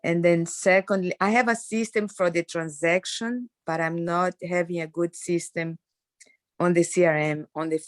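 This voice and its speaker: Hesitant, apologetic female participant, lower voice, dry close sound. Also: fairly even intonation, normal speed, no room sound. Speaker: participant on a coaching call. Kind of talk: sharing on a group call.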